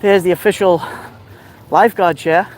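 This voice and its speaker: High, rough-voiced Brooklyn man outdoors. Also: fairly even intonation, moderate pace. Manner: chatty, gives shout-outs while walking. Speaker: live streamer. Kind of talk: casual live-stream walking tour. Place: outdoors at a beach boardwalk.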